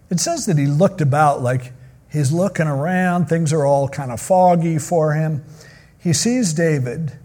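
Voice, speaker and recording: A man's voice: a little high, warm tone. A man preaching a sermon, retelling a Bible story in a casual, joking way. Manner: casual, joking storyteller who acts out quotes. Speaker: pastor.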